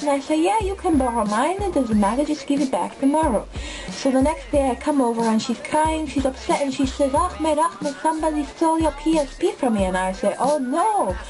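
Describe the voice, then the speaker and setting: A woman's voice: high-pitched, a little mellow, pitched above the performer's own voice, low-quality recording. A woman voicing a boastful young man, a former tough guy, who tells his story in broken, repetitive English.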